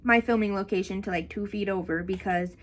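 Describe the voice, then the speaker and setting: A woman's voice: medium pitch, fairly even intonation, a little fast, rough recording. A young woman giving a casual, gushing book review outdoors, talking in a rambling way with many fillers. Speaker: book vlogger. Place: outdoors in strong wind. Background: wind noise.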